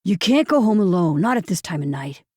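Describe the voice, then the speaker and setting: A woman's voice: fairly low pitch, big pitch swings, a little fast, darkish tone, breathy edge, no room sound, clean studio sound. A woman narrating an audiobook, voicing an eager young boyfriend who talks in a coaxing, upbeat way.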